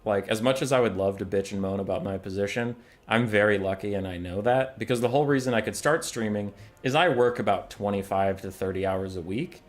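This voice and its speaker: A man's voice: fairly low pitch, brisk. A young man chatting casually while he streams a game, loose and joking, swearing freely.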